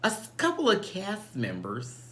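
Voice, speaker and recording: A man co-hosting a casual chat, talking in a chatty, expressive way. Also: high-pitched, moderate pace, slight background noise. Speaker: podcast co-host.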